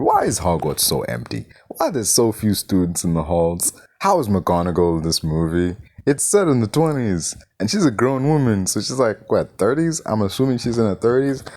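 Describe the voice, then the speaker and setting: Exasperated man ranting with lively swings. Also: lowish voice. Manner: exasperated, incredulous, swears often. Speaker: movie reviewer. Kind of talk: ranting film review.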